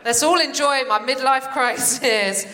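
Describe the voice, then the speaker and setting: A woman's voice: high voice, measured pace, bright, forceful tone. A British woman in her forties doing a sardonic, punchy stand-up set. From Britain. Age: 40s. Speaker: stand-up comedian. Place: theatre stage with live audience. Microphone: stage microphone.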